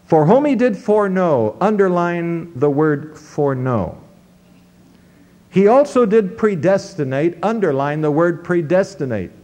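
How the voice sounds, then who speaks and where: A high-voiced man preaches from the pulpit. He teaches through scripture verse by verse, his pitch sweeping up in emphasis and dropping low again. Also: lively intonation, a little slow, darkish tone. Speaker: pastor. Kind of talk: sermon.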